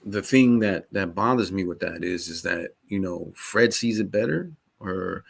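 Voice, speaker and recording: A man with a somewhat low voice co-hosting a casual sports podcast. He talks loosely and profanely, rambling with constant asides. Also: lively intonation, a little slow, vocal fry. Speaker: podcast co-host.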